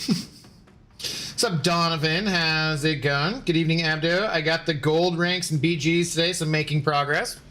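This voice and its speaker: A man's voice: on the high side, steady tone, a little slow, bright, forceful tone. A man casually chatting with his viewers while streaming a game, reading out chat messages and bantering sarcastically. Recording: faint background music.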